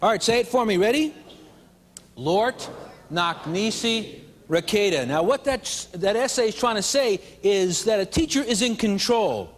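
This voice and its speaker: A man with a high, lively voice leads a room full of adults through a playful teaching session. His speech swings widely in pitch as he gets the crowd to repeat phrases back to him, and a long reverb trails each line through the hall. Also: moderate pace. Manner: playful, leads audience in call-and-response. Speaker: teacher trainer. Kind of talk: live teaching seminar. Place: hall with a live audience of adults.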